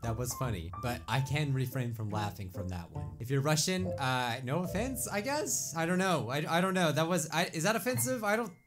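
A man hosting a casual reaction video, excitable and quick to laugh and shout. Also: a little high, over music. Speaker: YouTube host reacting to clips.

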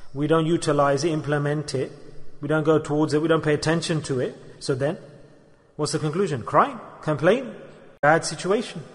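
A man's voice: fairly high pitch, normal speed. A man from the UK giving an earnest religious sermon, repeating his points and acting out small parables. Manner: earnest and repetitive, voicing people in little parables. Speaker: sheikh giving a religious talk. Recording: long hall reverb.

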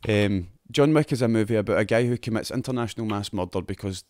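A man's voice: lowish voice, fast talker, a little mellow, dry recording, clean studio sound. A Scottish man co-hosting a casual gaming podcast, sweary and reading news items aloud. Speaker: podcast co-host.

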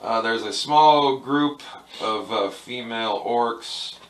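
A young man narrating as game master of a tabletop game in a relaxed, rambling way with many fillers. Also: mid-range voice, slow.

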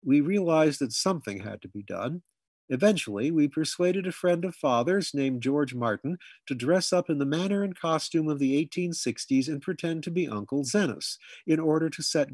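A man reading a humorous memoir aloud with dry, measured storytelling. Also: medium pitch, slightly rough, no echo. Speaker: audiobook reader.

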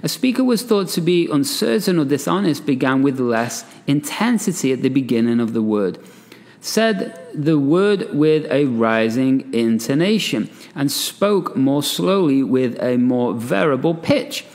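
A man's voice: medium pitch, a little slow, in a large hall. A man hosting a solo podcast, talking casually and reading an article aloud with chatty asides and frequent "right?". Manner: animated, chatty, laughs often, asides with "right?". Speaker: podcast host and coach.

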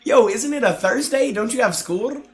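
A young man streaming a game live, chatting loudly and excitably with viewers, often breaking into shouts and laughs. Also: extremely high pitch, moderate pace. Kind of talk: live gaming stream chat.

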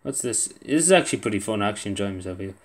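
A young gaming video creator mutters his way through a quiz in casual gameplay commentary, talking very fast with a lowish voice and lively intonation. He's self-deprecating and swears under his breath.

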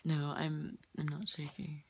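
A woman's voice: deep voice, monotone, measured pace, slightly rough. A young woman vlogging casually late at night, rambling, giggling and swearing, often dropping into whispers.

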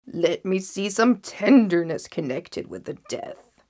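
A woman voicing a grim old miser man in a storybook reading, gravelly and slow. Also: lowish voice, very animated, a little mellow, exaggerated voice. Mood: pleading.

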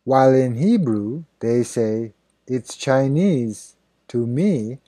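Slow, deliberate man with a dark voice. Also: medium pitch, lively intonation, no room sound. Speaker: idiom teacher. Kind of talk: scripted narration.

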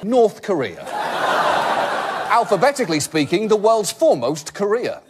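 A man's voice: sits high, sing-song, moderate pace. A British man hosting a comedy show, giving a satirical monologue with sarcastic, punchy, mock-grand jokes. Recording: noisy studio recording.

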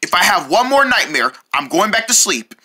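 Someone voicing an excitable, panicky cartoon guy who yelps and shrieks in alarm, in a homemade cartoon. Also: mid-range voice, moderate pace, husky, full character voice. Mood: frantic.

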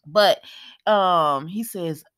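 A woman with a lowish voice recaps a soap opera episode at an extremely slow pace. Her chat is casual and animated, addressed straight to listeners, and she laughs often.

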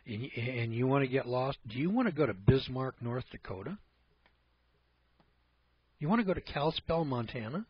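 Husky man giving a folksy talk. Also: medium pitch. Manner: folksy and rambling, with rhetorical questions. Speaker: speaker on privacy. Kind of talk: informal lecture. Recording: dull lo-fi recording.

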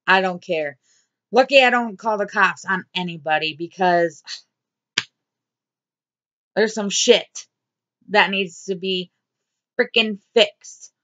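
A woman's voice: mid-range voice, sharp tone, highs cut off. A woman vlogger talking straight to camera in a blunt, repetitive diary-style video. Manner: blunt, swearing, repeats herself. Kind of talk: angry diary vlog rant.

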